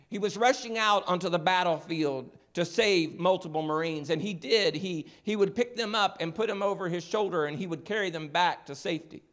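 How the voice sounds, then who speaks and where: A man's voice: sits high, fairly bright tone. A man preaching a Sunday sermon in a church, earnest and building through repeated refrains. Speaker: pastor. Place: church sanctuary.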